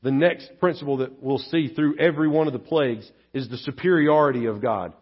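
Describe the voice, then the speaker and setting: Man, pastor, sermon, husky voice, conversational asides, muffled lo-fi recording. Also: mid-range voice, fairly quick. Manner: conversational, rhetorical tag questions. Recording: dull lo-fi church audio.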